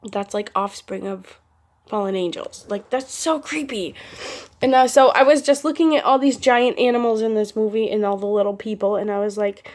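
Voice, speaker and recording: Chatty, giggly woman vlogger. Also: fairly high pitch. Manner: chatty, giggly, drifting from topic to topic. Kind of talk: casual rambling vlog.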